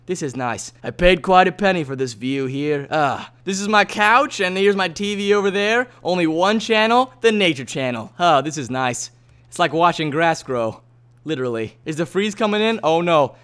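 A man hosting a gaming video, joking playfully through his game and swinging between loud yelps and quiet asides. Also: on the high side, lively intonation, normal speed, clear, resonant tone. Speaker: gaming channel host. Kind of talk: Let's Play commentary.

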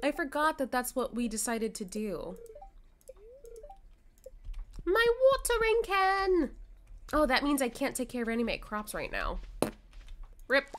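A woman's voice: a little high, sing-song, moderate pace, a bit bright, a little hiss or hum. A woman streamer chatting casually with her viewers while she plays a cozy farming game. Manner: chatty, reads and answers chat. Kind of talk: casual gameplay chat.

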